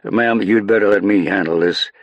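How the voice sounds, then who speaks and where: A man playing a steady American bodyguard who speaks in a firm, official way with an American accent. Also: on the low side, moderate pace, no room sound, dull audio, voice pushed up, lightly acted.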